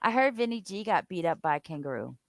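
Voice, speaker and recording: Playful woman hosting a lively chat. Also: fairly low pitch, fast, no echo, rough recording. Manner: playful, laughing, chatty. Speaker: live stream host. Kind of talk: casual live-stream chat.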